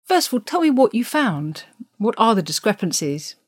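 A woman hosting a history podcast, measured as she guides the conversation. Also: mid-range voice, big pitch swings, breathy edge, no echo, clean studio sound. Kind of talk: podcast interview.

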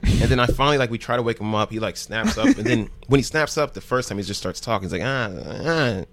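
A mid-range, slightly bright voice belongs to a fast-talking New Jersey man who hosts a news show. Relaxed and rambling as he tells his story, he peppers it with "like" and swears freely.

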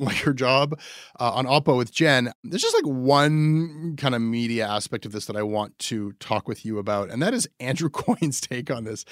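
A man's voice: mid-range voice, fairly bright tone, dry recording, studio quality. A man co-hosting a casual political chat, hedging and wry, with lots of fillers. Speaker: podcast co-host.

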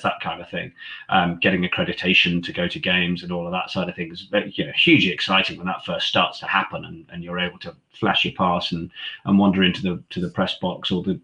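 A man's voice: deep voice, sharp tone, lo-fi sound. A man, a rugby commentator telling stories in a chatty way, full of fillers and restarts. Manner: chatty, many fillers and restarts, acts out quoted lines. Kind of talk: conversational storytelling.

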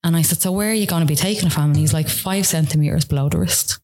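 A woman's voice: deep voice, fast, mellow. An Irish woman, a podcast guest, telling a personal story in casual conversation, full of "like" and retold dialogue. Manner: rambling, frequent "like" fillers, retells dialogue.

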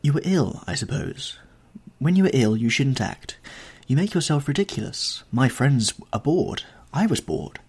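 A proud young man, hurt and bitter, speaks in a hard, raised voice, as a male narrator plays him. His husky tone climbs sharply when pressed. His pitch moves a lot from line to line. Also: very animated, moderate pace, darkish tone. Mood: anguished.

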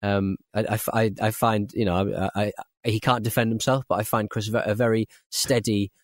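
A man's voice: on the low side, little pitch movement, a little fast, no room sound, studio quality. A northern English man co-hosting a podcast in casual chat, rambling and chuckling through his sentences. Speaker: podcast co-host.

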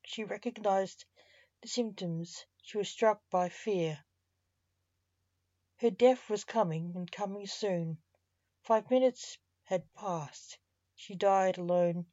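A woman reading a story aloud in measured, soft-spoken narration, in a muffled lo-fi recording. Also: medium pitch, steady tone, no room sound.

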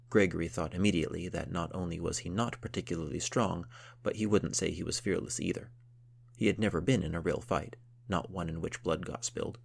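Gravelly deep-voiced male narrator. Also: steady tone, brisk. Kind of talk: scripted narration of a historical novel.

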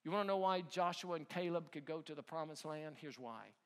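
A middle-aged male pastor preaching a sermon, swinging from hushed near-whispers to loud, near-shouted passages. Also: fairly high pitch, fairly quick.

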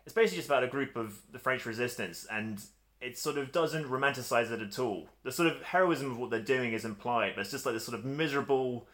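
Guy co-hosting a podcast, wry and opinionated, mid-pitched, relaxed chat. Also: fast. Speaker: podcast co-host. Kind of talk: casual chat.

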